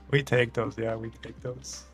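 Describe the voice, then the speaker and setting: Husky Austrian man chatting slowly. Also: medium pitch, fairly bright tone. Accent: German-speaking Austrian. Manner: rambling, chuckling, reads out chat. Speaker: art streamer. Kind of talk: casual chat while drawing on stream.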